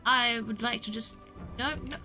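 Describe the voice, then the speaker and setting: High, bright-voiced woman streamer. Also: steady tone, unhurried, soft background music. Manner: chatty and self-mocking, with squeals when attacked. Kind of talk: casual gameplay commentary.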